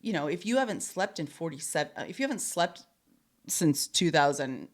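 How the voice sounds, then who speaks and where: Lively woman co-host, laughing often. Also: deep voice, a little fast. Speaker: podcast co-host. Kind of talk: casual chat.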